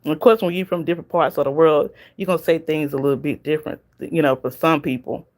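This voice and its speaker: A fast-talking woman with a low, steady, slightly mellow voice hosts a relaxed livestream. She's from the Southern United States, has a Southern accent, and laughs often while speaking directly to people in the chat.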